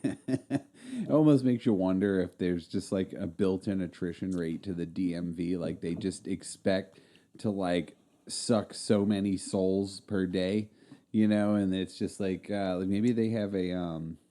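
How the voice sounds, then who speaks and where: A podcast co-host chats casually in a laid-back, rambling way, using lots of fillers. His voice is low-pitched, steady, and mellow, at a measured pace.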